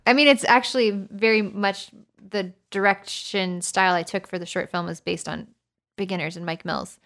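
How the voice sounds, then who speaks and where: A woman's voice: mid-range voice, fairly even intonation, moderate pace, a bit bright. A woman co-hosting a podcast in casual chat, a playful, jokey storyteller who breaks into mock accents. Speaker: podcast co-host.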